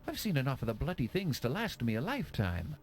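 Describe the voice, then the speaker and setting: An actor playing a brusque, dismissive Irish police detective in an adventure game. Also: male voice, medium pitch, wildly swooping pitch, quick pace. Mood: impatient. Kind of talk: 1990s adventure game voice acting.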